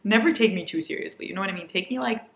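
A woman vlogging a casual book haul, gushing and excitable, jumping between loud squeals and soft asides. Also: mid-range voice, very fast, gravelly, roomy sound.

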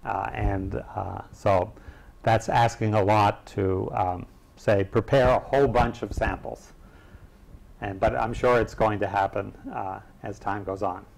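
Man, seminar lecture, halting delivery, fry in the voice, lowish pitch. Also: fairly even intonation. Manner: halting, many filler pauses, clears throat. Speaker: seminar speaker.

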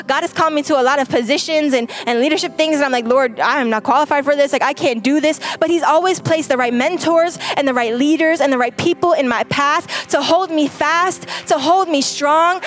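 A young adult woman preaching a sermon to a congregation, emphatic and direct, repeating her key lines. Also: high voice. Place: church stage.

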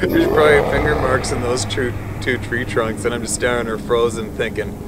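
A man who works as a hunting guide tells a tense story in a vivid, excitable way, laughing often between phrases and swearing casually. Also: mid-range voice, moderate pace, very noisy. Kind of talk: animated storytelling. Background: music.

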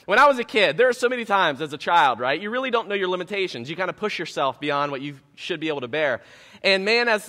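A man preaching a sermon as pastor, telling a self-mocking story in an animated way before turning to scripture. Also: high voice, big-room sound. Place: church sanctuary.

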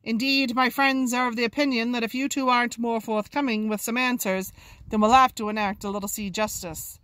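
A woman voicing a smooth-talking, menacing male pirate who turns sarcastic and theatrical, a storybook reading. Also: a little high, steady tone, a little fast, fairly bright tone, no echo, close to an everyday voice. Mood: silky. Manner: sarcastic, theatrical, drops to a whisper.

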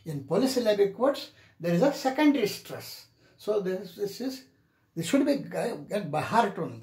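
A male teacher gives a slow, careful classroom lecture and repeats each example word several times. His pitch rises and falls a lot as he drills the words. The room sounds roomy and echoey. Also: a little mellow. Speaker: English pronunciation teacher.

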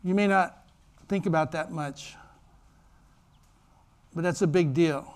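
High-voiced pastor preaching a sermon. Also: male voice, takes it slowly. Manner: animated storytelling, acts out voices. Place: church.

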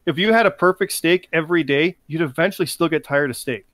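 A man's voice: a little high, quick pace, fairly bright tone, no echo, studio quality. A man co-hosting a podcast, arguing a point in a casual chat. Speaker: podcast co-host.

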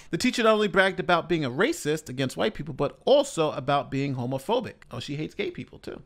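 A man hosting reaction commentary on a news story, talking in an animated, incredulous way with lots of rhetorical questions. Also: on the high side, quick pace, few pauses. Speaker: commentary host.

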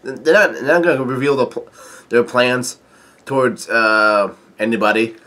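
Male vlogger with a bright, forceful voice, casually recapping a comic chapter in a stop-start way and reading quotes fairly flat. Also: mid-range voice. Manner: halting, stop-start delivery with frequent filler sounds; reads quoted lines in a mostly flat voice. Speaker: manga chapter reviewer.

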